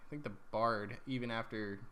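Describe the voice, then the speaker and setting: A man's voice: medium pitch, steady tone, fairly quick, pushed and bright, a little hiss or hum. A man recapping his tabletop campaign as dungeon master, rambling along with lots of ums and corrections.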